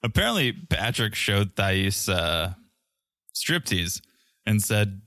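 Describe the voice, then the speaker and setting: Man, podcast co-host, very low voice, dry and sarcastic, dry close recording. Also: sing-song, takes it slowly, pushed and bright, no echo. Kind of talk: casual chat recapping a reality show.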